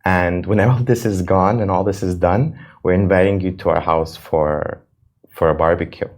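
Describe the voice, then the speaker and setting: A man quoting a hopeful young teenage girl fan in a slightly higher, slower voice. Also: steady tone, a little mellow.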